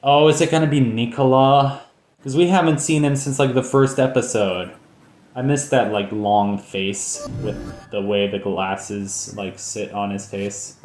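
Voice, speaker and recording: Let's play host, male, lower voice, rambling jokey commentary, echoey room. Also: unhurried, darkish tone, soft background music. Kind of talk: casual gameplay commentary.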